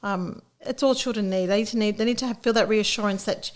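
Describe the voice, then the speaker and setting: A middle-aged woman, offering reassuring childcare advice in a relaxed podcast conversation. Her voice is mid-pitched, and she often pauses with 'um' and 'you know'. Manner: reassuring, advice-giving, fond of fillers. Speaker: co-host, childcare educator. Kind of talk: casual podcast chat.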